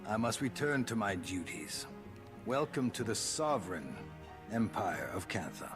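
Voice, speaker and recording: An actor playing a male security minister in a video game, speaking in a cool, measured way with a faint edge of menace. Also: lowish voice, big pitch swings. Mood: coolly formal. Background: game music.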